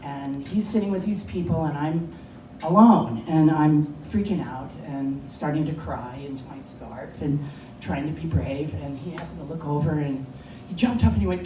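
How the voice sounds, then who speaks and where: A woman's voice: low-pitched, moderate pace, few pauses, dark tone. A woman telling a personal story at a live story slam, conversational and often laughing. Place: bar lounge stage. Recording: echoey lounge, distant mic, background noise.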